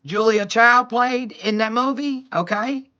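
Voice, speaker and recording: A woman reading tarot on a live stream, excitable and exclaiming, talking to viewers as y'all. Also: a little high, unhurried, lo-fi sound. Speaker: tarot reader.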